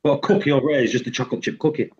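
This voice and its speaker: A man's voice: mid-range voice, fairly even intonation, racing, highs cut off, heavy background noise. A British man in a casual online group chat, playful and jokey. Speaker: chat participant.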